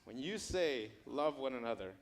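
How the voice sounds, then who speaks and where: A preacher doing Peter the fisherman disciple: humble, outspoken, stammering restarts, middle pitch. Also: lively intonation, moderate pace, natural voice.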